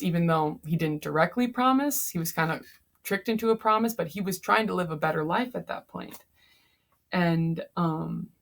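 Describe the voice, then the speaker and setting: A woman's voice: fairly low pitch, creaky. A young woman casually summarizing a novel chapter for a class, tired, with many fillers. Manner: chatty, frequent fillers.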